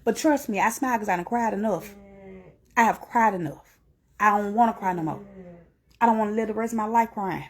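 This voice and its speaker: A woman's voice: fairly quick, pauses often. Woman, middle-aged, emotional testimony, emphatic rising peaks. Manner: earnest, repetitive, rising to high emphatic peaks. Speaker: speaker giving testimony.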